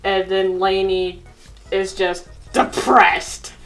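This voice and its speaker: Slow, giggly young woman telling a story. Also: medium pitch, fairly even intonation, faint music behind, poor audio. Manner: giggly, chatty, lots of "like" fillers. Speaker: co-host storyteller. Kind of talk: casual improvised storytelling.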